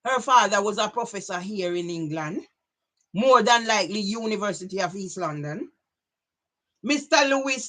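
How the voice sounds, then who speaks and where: A woman's voice: fairly high pitch, pushed and bright. A middle-aged woman from Jamaica with a Jamaican accent, delivering a rambling personal monologue and sliding between English and patois. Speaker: vlogger.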